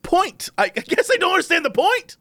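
A man's voice: very high-pitched, sing-song, brisk, sharp tone, no echo. A man co-hosting a podcast, firing puzzled questions and dry, teasing quips in casual chat. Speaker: podcast co-host.

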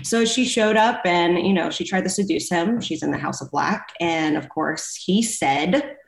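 A woman in her thirties, a former pro wrestler, telling animated stories in a casual interview and acting out what people said. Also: on the low side, a little slow, creaky. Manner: animated, acts out quoted people. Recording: roomy echo.

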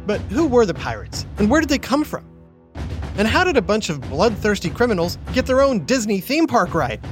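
A man hosting a children's educational podcast, narrating in an upbeat, animated way for kids. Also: high-pitched, normal speed, faint music behind. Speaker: host.

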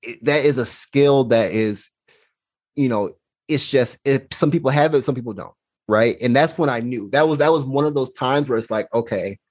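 A man's voice: mid-range voice, normal speed, darkish tone. Earnest male podcast guest with a mid-range voice, reflective storyteller who acts out dialogue. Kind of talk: personal storytelling in conversation.

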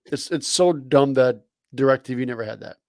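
Man, podcast co-host, casual chat, laid-back, wry, mid-pitched, dry close sound. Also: normal speed, a little mellow, no echo.

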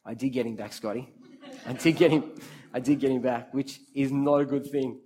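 A man's voice: mid-range voice, moderate pace, a little hiss or hum. A man giving an interactive sermon, speaking straight to his listeners, calling on them by name and repeating key phrases for emphasis. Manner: lively, talks straight to the crowd, calls on listeners by name. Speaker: preacher leading a youth group.

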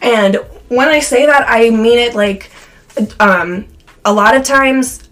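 A woman's voice: a little high, slow pace, a bit bright. A young woman from the American Midwest, co-hosting a podcast in casual chat, peppering her talk with "like" while her voice wears thin. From Cincinnati, USA. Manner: chatty, frequent "like" fillers. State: losing her voice. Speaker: podcast co-host.

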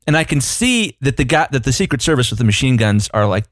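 A man co-hosting a podcast, telling a rambling, animated anecdote in casual chat, full of fillers. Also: medium pitch, fast, hardly any pauses, no room sound, clean studio sound. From United States. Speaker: podcast co-host.

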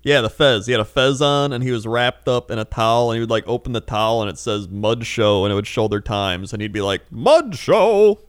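A man's voice: fairly low pitch, fairly even intonation, fast, hardly any pauses, a bit bright, clean tone, dry recording, studio quality. A young man chatting casually on a podcast, telling stories with laughs and acting out the people in them. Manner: laughing storyteller, acts out quoted people. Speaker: podcast co-host. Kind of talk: casual chat.

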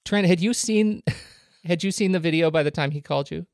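A man's voice: a little high, fairly quick, darkish tone, dry recording, studio quality. A man hosting a podcast interview, playful and laughing, steering the conversation along. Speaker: podcast host. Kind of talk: casual interview.

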